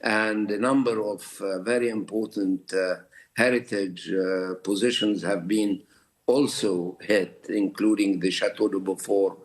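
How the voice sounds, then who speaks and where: A man being interviewed live on the news as a government minister, speaking haltingly with many hesitations. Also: fairly low pitch, steady tone. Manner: halting, many uhs, deliberate.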